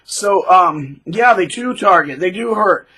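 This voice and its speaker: A man talks straight through a rambling commentary, dropping sarcastic asides. His voice is husky and sits a little high for a man. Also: lively intonation, a little slow, pushed and bright, poor audio. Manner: rambling, sarcastic, with many fillers and restarts. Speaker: channel host. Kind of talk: ranting monologue commentary.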